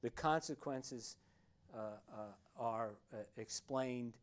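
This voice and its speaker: A man giving a university history lecture, speaking deliberately with many pauses and fillers and leaning on key words. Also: mid-range voice, clean tone. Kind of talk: classroom lecture.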